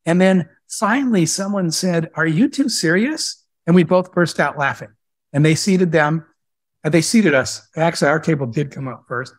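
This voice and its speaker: A man speaking as a guest entrepreneur in a live question-and-answer talk, telling stories in a lively, conversational way. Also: on the high side, normal speed, no echo, studio quality. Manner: animated storyteller who acts out dialogue.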